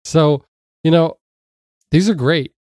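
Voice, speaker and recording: A man hosting and producing a tech podcast, a little nasal from a cold, chatty and quick to laugh. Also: a little high, a little mellow, no echo, studio quality. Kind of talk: casual podcast chat.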